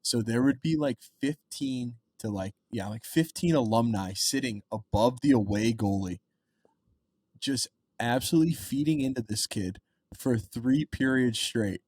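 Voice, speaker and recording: A man's voice: medium pitch, a little slow, a little mellow, no room sound. A young man in his twenties co-hosting a podcast, chatting casually and rambling with plenty of fillers. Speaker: podcast co-host. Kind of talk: casual chat.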